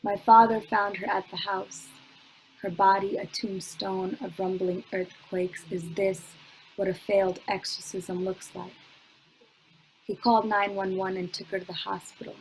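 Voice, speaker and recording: Young woman, spoken word poet, slow measured lines, flat steady pitch, computer mic at home. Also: a little hiss or hum, low-quality recording. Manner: slow, measured delivery with long pauses, chatty with fillers between poems. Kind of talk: spoken word poetry reading. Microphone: computer mic on a video call.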